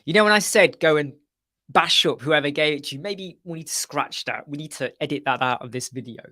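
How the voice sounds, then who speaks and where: A man's voice: on the high side, fairly quick, sharp tone, no echo, studio quality. A man hosting a casual live web chat, answering viewers by name in a chatty, joking way. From United Kingdom.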